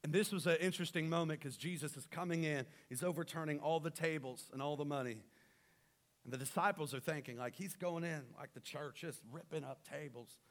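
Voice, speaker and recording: A man preaching a sermon as pastor, swinging between loud rallying calls and quiet, intimate stretches. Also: a little high, a little fast.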